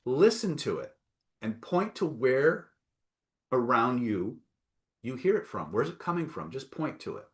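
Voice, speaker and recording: Speaking a little slowly at medium pitch with big swings, a man leads a live online self-help session. He coaxes and emphasizes, checks in over and over with "right?" and "okay?", and reads chat replies aloud.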